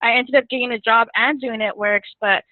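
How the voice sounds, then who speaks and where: A woman's voice: fairly high pitch, steady tone, a little fast, no echo. A woman guest telling her story in a casual interview, chatty, laughing often and getting emotional. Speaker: guest distributor. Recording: tinny phone line, dry.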